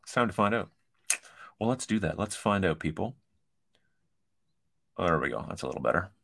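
Deep-voiced joking man reading a quiz. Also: expressive, fairly quick, vocal fry, a bit bright. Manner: joking, chatty, reads quiz items aloud with asides. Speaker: kitchen designer and host. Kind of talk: casual commentary over a shared screen.

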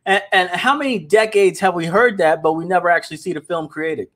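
Brief: high-pitched man, casual livestream host, animated and direct with his audience. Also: a little fast. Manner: animated, talks straight to viewers, repeats words. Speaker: animation company founder hosting a livestream.

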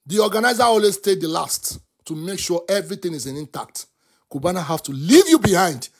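A Nigerian man rants as a talk show host, his voice set high and full of gravelly fry. He sounds husky and heated, and he flips between English and Yoruba. Now and then he rises into shouting. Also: big pitch swings, brisk. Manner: impassioned, switches between English and Yoruba, often bursts into shouts. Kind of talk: animated commentary rant.

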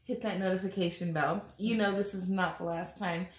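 A woman's voice: fairly low pitch, fairly even intonation, moderate pace. A woman hosting a mukbang, chatting casually and giggling while she eats, sitting on a couch indoors. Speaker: mukbang host. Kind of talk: casual chat while eating. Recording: echoey room.

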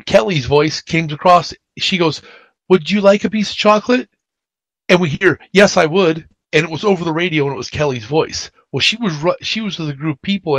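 Radio co-host, man, fairly high voice, rambling animated storyteller, dry close sound. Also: no room sound. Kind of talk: casual radio chat.

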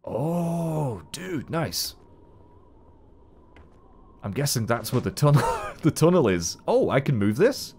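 A man giving chatty, animated gameplay commentary as a let's play host, swearing casually. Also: medium pitch, slow, creaky, long pauses, a little hiss or hum.

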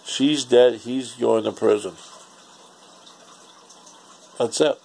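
A man's voice: medium pitch, takes it slowly, gravelly, darkish tone, slight background noise. A man, ranting casually and profanely in a rambling home vlog. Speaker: vlogger.

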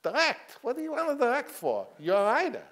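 A man putting on an excitable little old studio boss. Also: extremely high pitch, a little fast, slight background noise, pitched above the performer's own voice, full character voice. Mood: excited. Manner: emphatic, repeats words insistently.

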